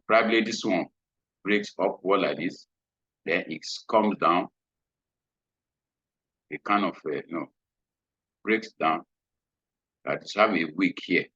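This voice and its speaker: A trading instructor gives a screen-share lesson, repeating his points and often checking in with "hmm?". His low voice is bright, forceful, and husky; he takes it slowly with long pauses. The recording is dull lo-fi with no room sound.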